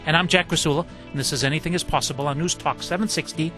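A man hosting a radio talk show, interviewing a guest in the studio with measured questions and introductions. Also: a little high, music in the background.

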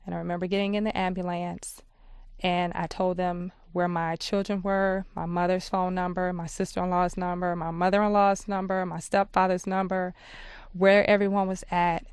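A woman telling her own story as a guest in a radio interview, in a measured, steady way. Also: on the low side, clean tone, dry recording. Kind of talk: personal testimony in a radio interview.

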